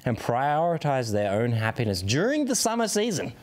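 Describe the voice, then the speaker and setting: Man, casual podcast chat, jokey, wildly swooping voice, mid pitch. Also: normal speed. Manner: joking, animated and swooping in pitch. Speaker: podcast co-host.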